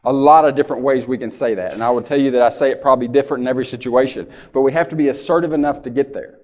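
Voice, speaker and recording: Guy giving a folksy keynote on a mic, mid pitch, big hall reverb ringing around him. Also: fairly even intonation, racing, darkish tone. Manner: folksy storytelling, asks the audience "right?" often. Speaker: keynote speaker. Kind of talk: conference keynote talk. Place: large conference hall. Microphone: handheld or lapel mic.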